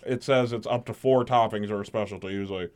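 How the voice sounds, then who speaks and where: A man's voice: on the low side, fast, smooth. A man co-hosting a casual podcast, ranting with lots of swearing as he retells stories about customers. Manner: profane, ranting, animated retelling with mimicked customers. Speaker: podcast co-host. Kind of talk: casual chat.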